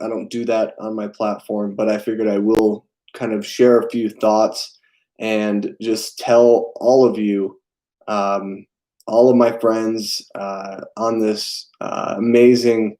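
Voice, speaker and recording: A young man hosting a casual live stream, talking haltingly with many fillers and answering viewers' chat messages. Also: lowish voice, level tone, dark tone, low-quality recording. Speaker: film channel host.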